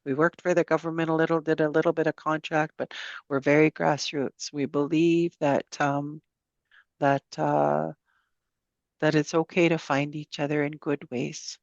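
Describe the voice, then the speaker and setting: A woman guest speaking softly and unhurriedly in a casual conversation, with many pauses. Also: low voice, little pitch movement, gravelly, no echo. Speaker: podcast guest, survivor advocate. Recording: dull, lo-fi, dry sound.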